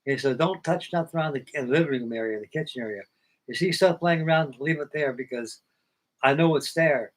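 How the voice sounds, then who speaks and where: A man's voice: a little high, a little fast, rough recording. An older man, host of a model-building livestream, telling a long personal story in a folksy, plainspoken way and acting out old conversations.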